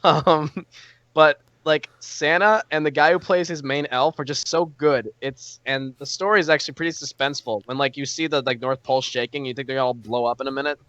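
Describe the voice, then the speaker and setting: A man's voice: on the high side, steady tone, brisk, fairly bright tone, no echo, muffled recording. A man co-hosting a podcast, telling a story eagerly with lots of fillers. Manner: enthusiastic, filler-heavy storytelling. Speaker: podcast co-host. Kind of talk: casual chat.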